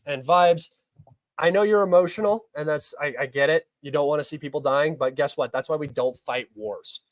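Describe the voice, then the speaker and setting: A man's voice: on the high side, no echo, low-quality recording. Young guy on a live stream, blunt and argumentative, dry close sound. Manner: blunt, argumentative, swears, reads chat questions aloud. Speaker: podcast host answering live chat. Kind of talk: heated live-stream commentary.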